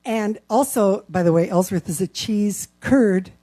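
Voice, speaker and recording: A woman's voice: medium pitch, measured pace, mellow. A woman from Wisconsin hosting a live home concert stream, chatting casually and enthusiastically between songs. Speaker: singer and show host. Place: home, indoors.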